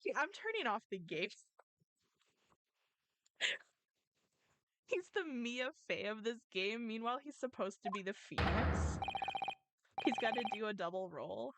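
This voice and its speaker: A woman's voice: on the high side, animated, unhurried, long pauses, fairly bright tone, no echo. A woman streamer chatting casually over a game, laughing and swearing playfully. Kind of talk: casual gameplay commentary.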